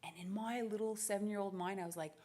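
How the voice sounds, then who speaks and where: A woman in her thirties from Canada speaks from a conference stage in a middle-pitched voice. She tells her story with lively energy, laughing often and acting out the dialogue. Her delivery is a keynote address told like a personal anecdote. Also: quick pace. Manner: animated, laughing, acts out dialogue. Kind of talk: storytelling speech.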